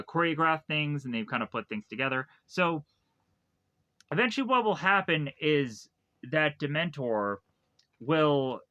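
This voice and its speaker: A man's voice: fairly high pitch, bright, forceful tone. A man reviewing a movie, casually retelling the plot in a rambling way with lots of repeated phrases. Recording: dull lo-fi dry recording.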